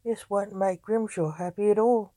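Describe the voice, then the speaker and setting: A woman's voice: medium pitch, moderate pace, mellow, dry recording, natural voice. A woman voicing a wry, scolding male ghost in a storybook reading. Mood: explaining.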